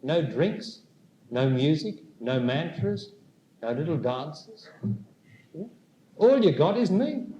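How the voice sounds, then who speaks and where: A man speaking as a spiritual teacher before a live audience, his voice climbing and falling widely as he talks. He takes his time, pausing and asking the room questions. The sound is roomy, with a faint hum behind him. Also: on the high side, very animated, warm tone, lo-fi sound. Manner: slow, deliberate, questioning the audience. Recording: echoey room with faint noise.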